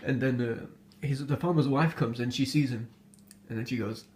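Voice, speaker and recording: A man's voice: medium pitch, normal speed, darkish tone. A man casually retelling an old folk tale, hesitant and full of fillers, often amused by his own story.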